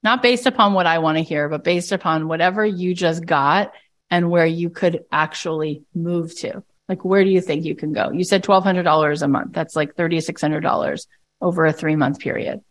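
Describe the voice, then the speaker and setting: A woman with a lowish voice coaching a group over a call. She talks with blunt, emphatic force and often jumps high into mocking put-on voices. Her tone is plain-spoken and sometimes profane. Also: moderate pace. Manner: emphatic and animated, with big swings into mocking voices. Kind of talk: impassioned coaching talk.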